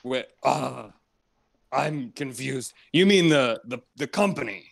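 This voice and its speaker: A man playing a hesitant, starstruck fan calling into a show, halting and full of fillers. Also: medium pitch, animated, gravelly, no echo, full character voice. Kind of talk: improvised comedy role-play.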